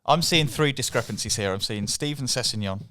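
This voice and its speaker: A man's voice: mid-range voice, brisk, bright, forceful tone. A man hosting a podcast, casual and teasing, with a wry presenter manner. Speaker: podcast host. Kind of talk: casual chat.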